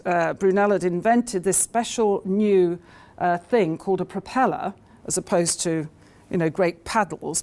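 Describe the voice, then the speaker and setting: Low-voiced woman giving a talk. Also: vocal fry, darkish tone. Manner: anecdotal, hesitant with many fillers. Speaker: conference speaker. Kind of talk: conference talk.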